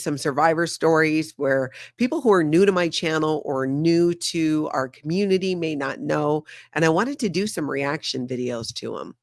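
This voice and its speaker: A woman's voice: low-pitched, no echo, studio quality. A woman in her fifties from Hawaii, with a light Pidgin accent, hosting a casual livestream and chatting while she greets viewers by name. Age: 50s. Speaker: livestream host. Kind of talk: casual live-stream chat.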